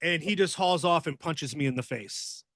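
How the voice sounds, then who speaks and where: Male podcast guest, ex-wrestler; slightly high-pitched, profane, rambling storyteller, dry close sound. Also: moderate pace, a bit bright, dry recording. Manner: profane, rambling, acts out quoted voices. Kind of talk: casual storytelling.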